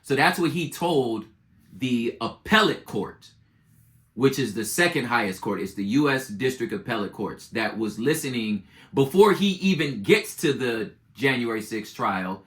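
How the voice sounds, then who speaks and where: A man hosting a podcast who gives casual political commentary in slangy, animated storytelling and acts out both sides. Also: mid-range voice, measured pace. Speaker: podcast host.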